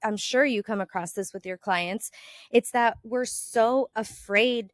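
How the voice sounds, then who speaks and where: A woman hosts a casual health podcast, chatting in a somewhat high voice. She tells stories with animation, acting out quoted lines and leaning on "like" as a filler. The sound is close and dry, with no room echo. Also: measured pace. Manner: animated storyteller, acts out quoted exchanges with sudden lifts in pitch and volume; frequent "like" fillers. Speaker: podcast host and health coach.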